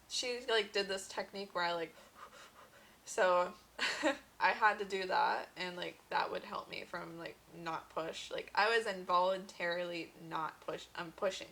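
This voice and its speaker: Young woman vlogger, casual storyteller; bright, slightly gravelly tone, chatty delivery with fillers. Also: medium pitch, a little slow, slight background noise, rough recording. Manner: chatty, many fillers and quoted dialogue.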